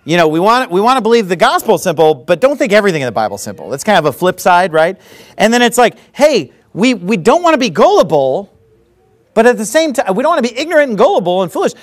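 A man preaching a sermon in church, animated and mocking, with frequent laughing asides. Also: high voice, fast. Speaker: pastor.

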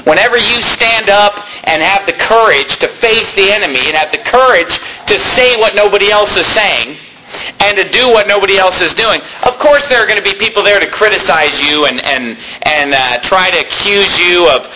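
Male preacher, high and piercing tone; reads scripture, then explains it plainly and emphatically. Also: lively intonation, normal speed, bright, forceful tone, a little hiss or hum, rough recording. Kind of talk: sermon.

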